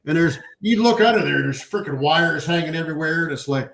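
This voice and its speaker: A man's voice: on the high side, fast talker, vocal fry, slight background noise. A man, a Marine veteran, telling swear-laden stories in casual chat. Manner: profane, animated storyteller.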